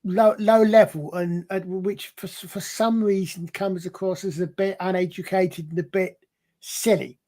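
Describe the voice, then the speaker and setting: A man's voice: sits high, fairly even intonation, unhurried, a little mellow. A man in a casual panel chat, explaining things at length in a rambling, digressive way with many restarts. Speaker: panel guest.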